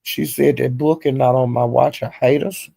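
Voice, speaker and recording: Gravelly man gossiping about online drama. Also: medium pitch, moderate pace, dry recording. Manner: gossipy, animated retelling with slang and profanity. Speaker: commentary channel host. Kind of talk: casual recap of online drama.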